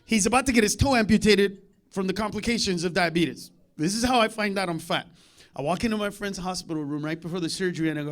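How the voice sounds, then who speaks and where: A man performing a stand-up comedy set on a club stage through a handheld mic, talking in profane rants with loud bursts. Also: high-pitched, quick pace.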